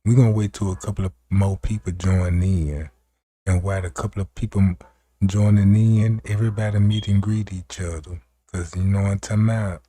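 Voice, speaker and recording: Low, mellow-voiced hyped livestream man. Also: dry recording. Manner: hyped, chatty, addresses viewers directly. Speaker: livestream host. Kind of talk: casual livestream commentary.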